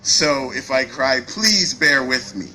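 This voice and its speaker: A man in his forties speaks from a podium microphone, taking his time and leaving long pauses. His voice is bright and forceful. He jokes at his own expense and talks about his feelings without holding back. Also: medium pitch, expressive, poor audio. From Canada. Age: 40s. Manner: self-deprecating, jokey, openly emotional. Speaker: company CEO giving a speech. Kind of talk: joking public speech at a launch event. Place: event hall before an audience.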